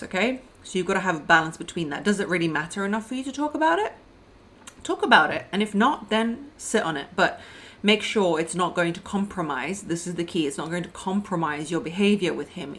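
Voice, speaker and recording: Young woman, dating coach, blunt and emphatic, slightly low pitch, faint background noise. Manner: blunt, emphatic, addresses listeners as "my loves" and "girl". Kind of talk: direct advice monologue.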